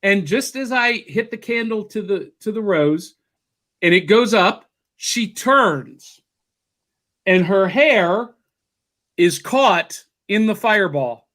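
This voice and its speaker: A man hosting a casual podcast chat, telling stories in an animated way. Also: high voice, slow. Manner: animated storyteller. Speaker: podcast host.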